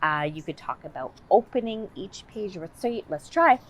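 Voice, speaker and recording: A woman's voice: mid-range voice, lively intonation, normal speed. A woman speech and language assistant, explaining practice tips in a conversational way. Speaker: communicative disorders assistant.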